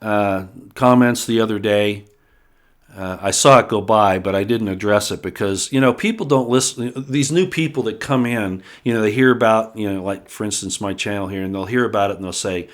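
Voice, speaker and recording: A man's voice: lowish voice, moderate pace. A middle-aged man hosting a solo political commentary show, talking emphatically with frequent restarts and repeated words, pushing harder on his key points.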